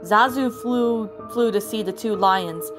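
Storyteller woman, mid-pitched, plain read-aloud narration, faint music bed. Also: a little slow. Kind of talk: reading fan fiction aloud. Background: soft background music.

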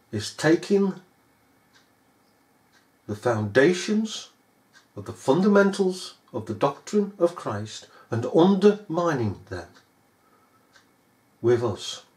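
This recorded sermon comes from a man whose slightly high, slightly mellow voice has a sing-song quality; he speaks slowly and pauses often, his manner scornful and sarcastic. The room it was recorded in is echoey.

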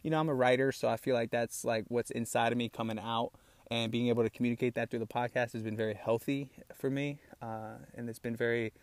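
A man's voice: medium pitch, little pitch movement, fast talker, no echo. A young man hosting a solo podcast, talking in a loose, candid, rambling way and calling listeners "bro" and "man", a little out of breath. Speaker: podcast host. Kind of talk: casual solo podcast talk. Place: small outdoor hideout on rural land.

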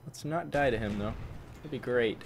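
A man doing excitable gameplay commentary, who swaps swear words for mild ones like "fudge" and breaks into loud, high-pitched outbursts. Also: normal speed, creaky. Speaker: gaming channel host. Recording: faint game noise behind. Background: gunfire from the game.

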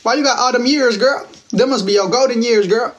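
High-voiced young man bantering on a livestream. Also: brisk, dull audio, background noise. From Texas. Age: 20s. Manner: playful, teasing banter with viewers, slangy. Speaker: livestream host. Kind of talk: casual livestream chat reading viewer comments. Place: at home. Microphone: phone.

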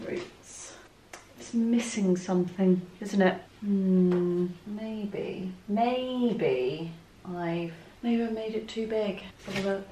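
A woman's voice: medium pitch, takes it slowly, mellow, roomy sound, a little hiss or hum. A woman chatting casually while she works in her art studio, thinking aloud and poking fun at herself. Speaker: art vlogger.

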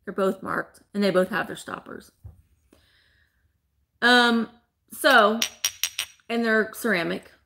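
A woman's voice: medium pitch, slow, vocal fry, pauses often, pushed and bright. A woman hosting a live online sale, chatting playfully with viewers by name and laughing often. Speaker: live-sale host selling vintage items. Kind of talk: casual live-stream auction chat.

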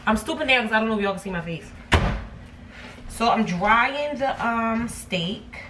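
Cooking in her home kitchen, a woman keeps up a chatty vlog, addressing viewers as "y'all." Her voice is on the high side and animated, at a measured pace. The phone camera is set back, so the mic sounds distant and catches background noise.

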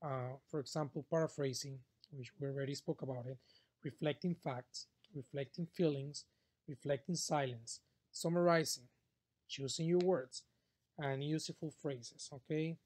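A man's voice: fairly high pitch, fairly even intonation, moderate pace, darkish tone. A man teaching a customer service training class, talking straight to the students, with frequent fillers and "okay?" check-ins. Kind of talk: classroom lecture.

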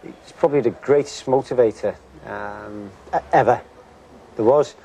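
An older man who played football tells a wry story in an interview. His voice has a gravelly edge and sits at an ordinary pitch. Background noise is clearly heard in the recording. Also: moderate pace, dark tone. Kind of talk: reminiscing interview. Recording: noisy recording.

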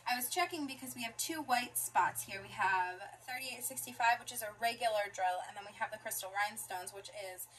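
Young woman vlogger, chatty, a bit high-pitched, faint hiss behind. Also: fairly quick, few pauses, a bit bright, rough recording. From South Florida, US. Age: 20s. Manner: chatty, reads out long strings of numbers. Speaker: craft vlogger. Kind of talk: casual unboxing chat.

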